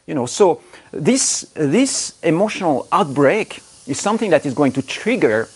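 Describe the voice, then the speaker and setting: A man coaching other men on relationships, blunt and emphatic, cursing freely. His voice runs a little high for a man and swings widely up and down as he presses his points. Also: sing-song, a little slow, breathy edge. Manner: blunt, emphatic, swears freely, acts out angry quotes. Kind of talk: direct-to-camera coaching talk.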